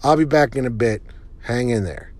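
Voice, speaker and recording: A man's voice: mid-range voice, normal speed, darkish tone, dry recording. A middle-aged man hosting a casual solo podcast while driving, rambling through jokey, self-deprecating asides. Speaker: podcast host. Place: inside a car. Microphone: phone or recorder in the car. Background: car and road noise.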